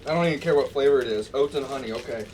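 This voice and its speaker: A man's voice: medium pitch, racing, a little mellow. A young man, a college football player, chatting as a guest in short, laid-back replies. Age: young adult. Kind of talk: casual chat. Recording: clear background noise.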